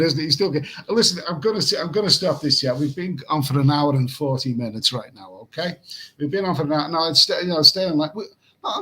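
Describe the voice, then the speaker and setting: A man's voice: a little high, expressive, fast talker, bright, forceful tone, breathy edge, poor audio. A man hosting a late-night livestream and reading chat comments in a casual, rambling way. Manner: rambling, repeats himself, chuckles at chat comments. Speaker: livestream host. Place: room in Pattaya at night.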